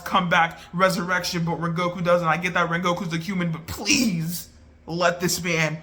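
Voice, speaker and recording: A man casually reviewing an anime movie in an animated, slangy, excitable way. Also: sits high, normal speed. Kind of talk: casual chat.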